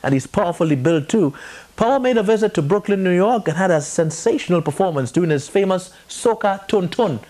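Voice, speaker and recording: A man hosting a TV culture show, asking interview questions in measured, formal phrasing. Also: high voice, animated, a little mellow, slight background noise.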